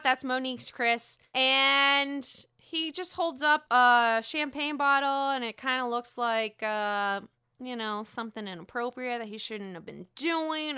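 Woman, casual recap vlogger, gossipy and profane, smooth clear voice. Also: a little high, pushed and bright. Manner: gossipy, swears freely, laughs often, mimics people.

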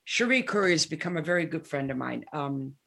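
A gravelly-voiced woman of seventy chats as a guest in a casual interview. She tells stories with animation and acts out the dialogue in them. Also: low voice, lively intonation, brisk, fairly bright tone. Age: 70s. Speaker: guest musician.

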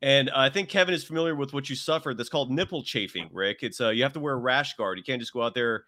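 A man co-hosting a casual sports podcast, laid-back, laughing often and firing off quick asides. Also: medium pitch, pushed and bright. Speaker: co-host.

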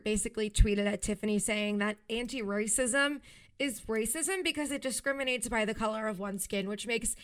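Woman podcast host, chatty and emphatic, slightly high pitched, bright voice. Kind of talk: casual solo podcast commentary.

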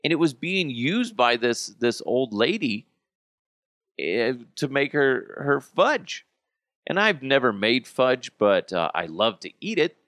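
A man in his thirties hosting a casual solo podcast from his basement, talking in an animated, joking and profane way. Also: mid-range voice, no room sound, studio quality. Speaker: podcast host. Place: home basement.

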